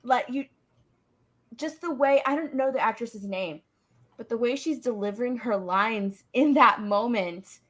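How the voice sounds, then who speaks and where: A woman with a high, light voice chatting casually. She gushes about favorite scenes and slips into quick acted-out lines as she remembers them. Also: a bit bright. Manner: gushing, quotes scenes in little acted lines. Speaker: podcast co-host. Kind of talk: casual chat.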